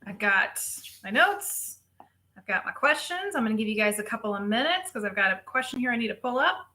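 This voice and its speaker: A woman chats casually through a live stream, greeting viewers one by one. Her voice is bright and clear, pitched a little high. She sounds relaxed and talkative. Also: fairly quick. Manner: chatty, greets viewers by name. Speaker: physical therapist hosting a live show. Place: home, Tampa.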